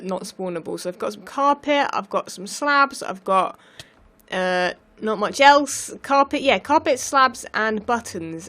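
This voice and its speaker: A woman with a slightly hoarse morning voice, chatting casually while commentating on her gameplay. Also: medium pitch, a bit bright. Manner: chatty, rambling with restarts. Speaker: Let's Play host.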